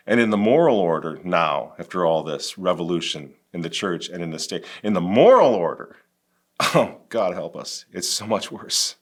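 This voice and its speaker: A man's voice: low-pitched, very animated, measured pace. A man hosting a religious political commentary, talking emphatically with biting sarcasm and wry laughs. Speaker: host.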